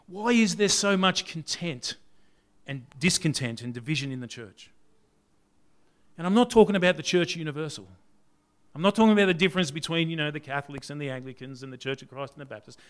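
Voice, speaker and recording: A man preaching a conversational sermon, leaning on rhetorical questions and swinging between loud and soft. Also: on the high side, animated, a little fast.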